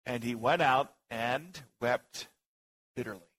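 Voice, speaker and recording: A man leading an interactive sermon in a church hall, reading scripture aloud and asking the group questions in a teasing, lively way. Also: mid-range voice, slow pace. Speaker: pastor leading Bible study. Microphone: handheld microphone.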